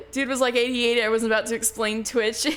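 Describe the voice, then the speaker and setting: A woman streamer chatting and reading a visual novel aloud, giggling often and voicing each character. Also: fairly high pitch. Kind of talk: casual chat and dramatic read-aloud narration.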